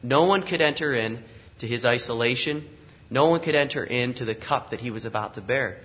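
A man preaching in an earnest, steady voice of middle pitch, stacking repeated phrases to build weight. The recording sounds a little dull and muffled. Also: a little fast. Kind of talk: sermon.

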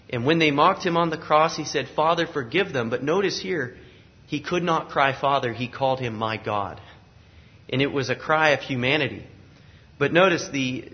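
A man preaching in an earnest, steady voice of middle pitch, stacking repeated phrases to build weight. The recording sounds a little dull and muffled. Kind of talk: sermon.

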